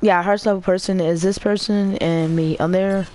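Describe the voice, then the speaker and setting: A woman giving casual commentary while playing a video game, excitable, often squealing and laughing at the screen. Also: medium pitch, moderate pace. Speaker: gamer.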